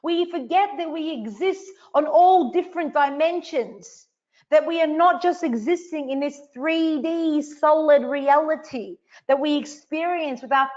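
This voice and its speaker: A woman's voice: high-pitched, dull audio. A woman hosting a live online coaching session, emphatic and repetitive, swearing casually as she speaks to viewers. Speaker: online event host.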